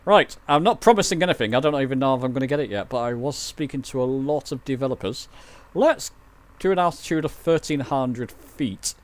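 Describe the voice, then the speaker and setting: A man's voice: mid-range voice, lively intonation, a little fast. A man chatting loosely during a flight sim livestream, rambling and poking fun at himself. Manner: chatty, rambling, self-mocking. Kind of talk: casual livestream chat.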